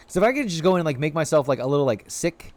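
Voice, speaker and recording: A man streaming a game chatters very fast in a highish voice, rambling to his viewers with lots of "like"s and other fillers. He's animated throughout and coos playfully at the creatures on screen.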